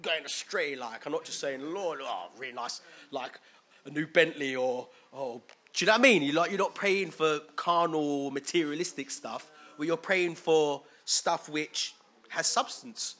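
Bright-voiced man preaching casually. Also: a little high, normal speed. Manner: conversational, asks listeners questions, acts out quoted voices. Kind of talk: informal sermon.

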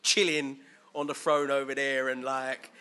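Unhurried and level, with a bright, forceful tone and medium pitch, a preacher gives a conversational sermon. He frequently asks his listeners questions and performs the voices of those he quotes.

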